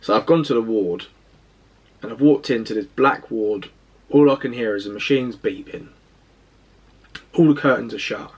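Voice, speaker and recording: A man's voice: mid-range voice, normal speed, long pauses, darkish tone, husky. A young man, casually recounting a personal story to camera in a rambling, self-deprecating way. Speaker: fitness vlogger.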